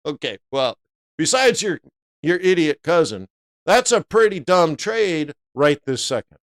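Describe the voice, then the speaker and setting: A middle-aged man hosting a live trading stream, giving animated and jokey market commentary that breaks into loud playful bits. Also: on the high side, a little slow.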